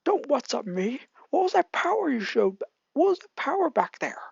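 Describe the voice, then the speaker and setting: A narrator putting on a brash, shouting teen boy. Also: sits high, sing-song, normal speed, gravelly, dry recording, pitched above the performer's own voice, heavily acted. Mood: aggressive. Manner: loud, confrontational. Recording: lo-fi home mic.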